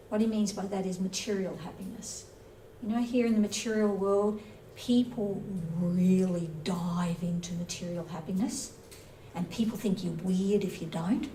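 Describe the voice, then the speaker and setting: Speaking in a medium-pitched, slightly mellow voice, a woman teaches scripture in a casual, conversational lecture. She playfully acts out small everyday scenes as a spiritual teacher. The distant recording carries a roomy echo and faint noise.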